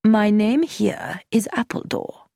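A woman doing a quiet, clipped male agent. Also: medium pitch, lively intonation, slow, gravelly, dry recording, clean studio sound, pitched above the performer's own voice, exaggerated voice. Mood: cold. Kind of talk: audiobook reading.

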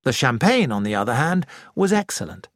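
A narrator reading an audiobook in a calm, measured, expressive manner. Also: medium pitch, no room sound, studio quality.

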